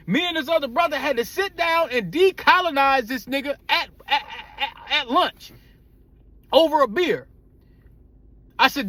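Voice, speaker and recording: A man's voice: extremely high pitch, a little slow, no room sound. A man from the United States telling a blunt, profane story in a casual rant, acting out the people in it. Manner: blunt, profane, animated retelling with acted quotes. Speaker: vlogger.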